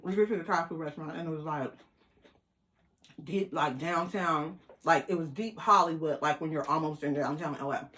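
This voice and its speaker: Animated woman telling a story. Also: sits low, normal speed. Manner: animated, quotes people in voices, laughs. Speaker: vlogger. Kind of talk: casual storytelling.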